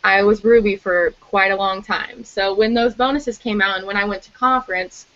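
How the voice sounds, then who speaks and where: A woman's voice: medium pitch, fairly even intonation, moderate pace, a bit bright. A young woman chatting candidly to a group on a call, with lots of fillers. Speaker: team member sharing advice. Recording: muffled lo-fi call audio.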